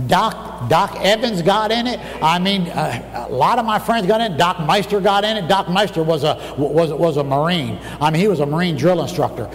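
A man preaching a fervent sermon, telling a story and breaking into shouts at its high points. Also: lively intonation, moderate pace. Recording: distant mic, long hall reverb, faint room noise.

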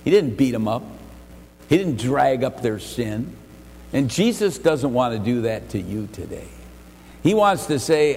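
A male pastor preaching a sermon in a church, emphatic, rising to raised exhortation and dropping to quiet earnest asides, often repeating words as he restarts. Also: medium pitch, very animated, a little slow. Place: church sanctuary. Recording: long church reverb, faint ambient noise.

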